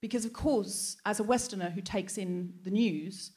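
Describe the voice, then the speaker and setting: A woman hosts a live comedy evening from a theatre stage, talking through a personal story in a loose, anecdotal way. Her voice sits at an ordinary middle pitch. She drops dry, wry punchlines into the telling. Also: moderate pace, a little mellow, husky. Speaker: host.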